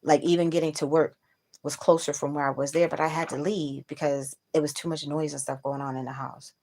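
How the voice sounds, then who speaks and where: A woman's voice: low-pitched, little pitch movement, a little fast, a little mellow. A woman hosting a casual livestream, venting bluntly to her viewers with plenty of profanity. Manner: talks straight to viewers. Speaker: livestream host.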